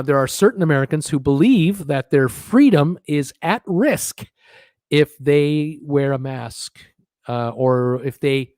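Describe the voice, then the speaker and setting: A man's voice: on the high side, a little mellow, no room sound, studio quality. A man hosting a live cruise news show, rambling with many fillers and restarts and dropping sardonic asides. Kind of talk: live-stream news commentary.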